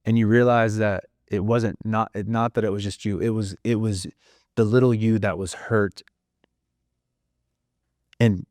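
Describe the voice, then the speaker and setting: A man's voice: lowish voice, steady tone, measured pace, long pauses, a little mellow, dry recording, studio quality. A man hosting a podcast, telling a reflective story in the second person, earnest and casual with some swearing. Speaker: podcast host.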